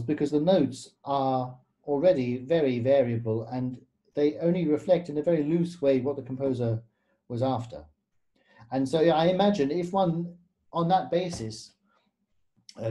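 A man's voice: fairly high pitch, dark tone. A man, a guest pianist, explaining in a storytelling way with frequent fillers and tag questions. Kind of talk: conversational explanation.

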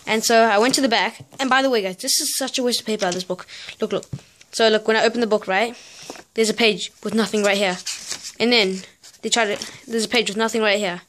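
A woman with a somewhat high voice vlogs in a loose, casual way. She rants with sarcastic exasperation and spells out letters one by one in disbelief. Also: steady tone, brisk, a bit bright, a little hiss or hum. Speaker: vlogger. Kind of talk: casual vlog rant.

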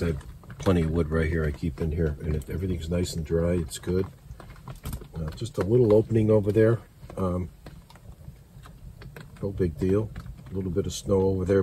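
A very deep-voiced older man talks easily and slowly, drifting from thought to thought with plenty of "uh" and "you know". He vlogs from inside a canvas tent with a wood stove. A steady hiss of background noise runs under the recording. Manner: laid-back, rambling, lots of fillers. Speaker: outdoors vlogger. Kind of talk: casual camp vlog.

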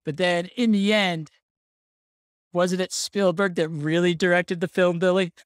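A podcast host recounts a story in relaxed, casual chat, laughing along the way. The voice is middling in pitch and unhurried with a clean tone, recorded close and dry with no room sound.

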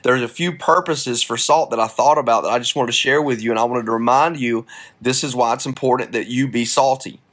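A man's voice: medium pitch, brisk, fairly bright tone. A man, a pastor, giving a casual devotional talk on a podcast, earnest and encouraging, with plenty of fillers, streamed live from a phone. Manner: casual, conversational preaching with many fillers.

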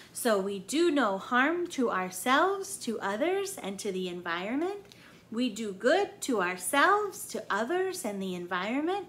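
A woman leading a children's church lesson, reading a storybook in a slow, patient teacher's manner. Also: high voice, fairly bright tone, husky. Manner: slow, patient, sing-song teacher delivery.

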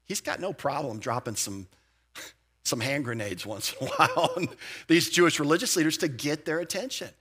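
Bright-voiced man preaching a lively sermon. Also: on the high side, moderate pace, slightly rough. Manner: lively, conversational preaching with slang and asides. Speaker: pastor. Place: church sanctuary.

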